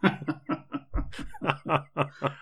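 A man's voice: a little high, very animated, very slow, fairly bright tone, husky. A man co-hosting a casual chat about tabletop games, rambling and sardonic, often mock-quoting things in silly voices. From Britain. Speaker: podcast co-host.

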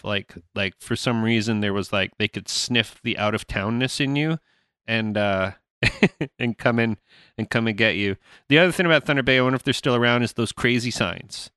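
A man's voice: medium pitch, pushed and bright, clean tone, no echo, clean studio sound. A man hosting a podcast, telling rambling stories in casual chat and laughing often. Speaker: podcast host.

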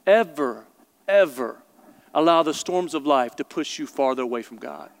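Speaking a little fast with a smooth, mid-range voice and some vocal fry, a male pastor delivers an impassioned sermon, stressing words and repeating phrases to drive them home. He addresses the congregation directly, and the recording carries a long hall reverb.

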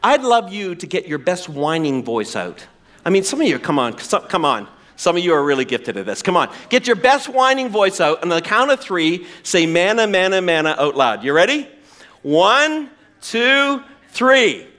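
Male pastor, high and lively voice, preaching with playful energy. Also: moderate pace. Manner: animated, acts out whiny voices for effect. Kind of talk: sermon.

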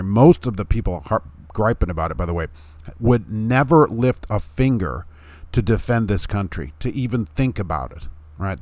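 A man's voice: on the low side, no echo. A middle-aged man, giving a blunt, emphatic opinion rant on his video channel. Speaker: YouTube commentator.

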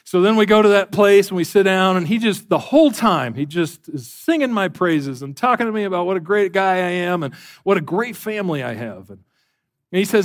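A man's voice: on the high side, fairly quick. A middle-aged man, a pastor, preaching a sermon, telling a story, acting out the people in it and building to emphatic questions.

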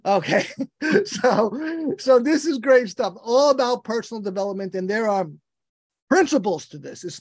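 An American podcast host with a high voice introduces his interview guest, enthusiastic and rambling, restarting his sentences many times. The recording is dry, with clean studio sound.

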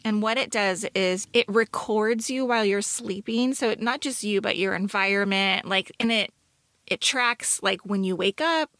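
A woman's voice: mid-range voice, normal speed, fairly bright tone, dry recording, studio quality. A middle-aged woman co-hosting a podcast, telling a self-mocking story in casual chat, full of fillers. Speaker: podcast co-host.

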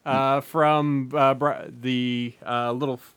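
A man's voice: medium pitch, level tone, slow pace, a bit bright, smooth. A man on a casual movie podcast cracking jokes and wry asides. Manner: jokey, wisecracking.

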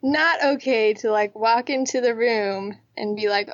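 A woman's voice: on the high side, measured pace, dry recording, muffled recording. A woman co-hosting a casual podcast chat, candid and joking, with lots of slang. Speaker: podcast co-host. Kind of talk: casual chat reviewing a TV drama.

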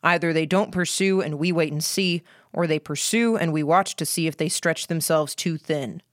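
A woman's voice: sits low, normal speed, no room sound, studio quality, natural voice. A woman reading the part of a stern, calculating male military commander in an audiobook, giving clipped orders. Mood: commanding. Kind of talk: audiobook character voice.

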